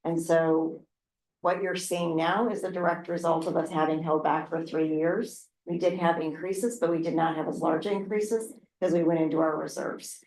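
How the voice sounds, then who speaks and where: In a city council meeting room, a middle-aged Oregon woman serving as regional council president speaks frankly and chattily at a work session, laughing and dropping filler words. Her voice is low and darkish, fairly even in intonation, at normal speed. She's recorded from a distance in a roomy room with faint noise.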